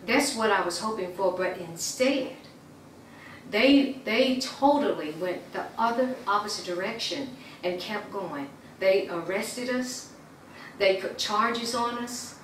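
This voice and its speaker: A woman's voice: mid-range voice, animated, takes it slowly. A woman giving earnest personal testimony, retelling events and acting out the dialogue, with some stammering. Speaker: community member giving testimony. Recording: roomy, distant mic, faint background noise.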